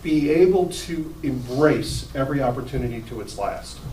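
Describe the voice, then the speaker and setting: A man's voice: mid-range voice, normal speed, slight background noise. A male pastor preaching in a casual, conversational way, acting out the people in his story. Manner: casual, conversational, animated with acted-out quotes. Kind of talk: sermon. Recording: roomy hall, distant mic, faint ambience.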